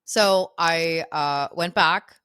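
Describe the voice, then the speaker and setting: A woman in her thirties tells stories in a low voice and acts out what people said to her. The sound is close and dry, with no room in it. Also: very slow, clear, resonant tone, no room sound. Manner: animated, quotes herself and others in lively voices. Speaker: podcast guest, founder. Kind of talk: casual storytelling interview.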